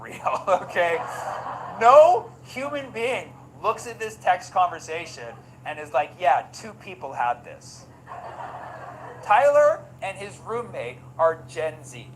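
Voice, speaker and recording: A man's voice: high voice, slight background noise, low-quality recording. A man giving sarcastic commentary and reading text messages aloud, laughing between lines. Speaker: online commentator.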